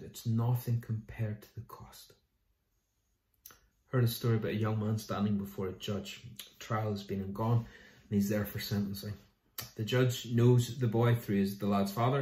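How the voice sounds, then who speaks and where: Pastor preaching in an echoey hall. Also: male voice, mid-range voice. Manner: storytelling, animated with quoted voices. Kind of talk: sermon. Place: church.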